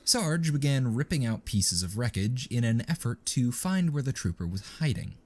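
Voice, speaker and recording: A man narrating a written story in a steady, measured reading. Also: mid-range voice. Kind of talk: scripted narration.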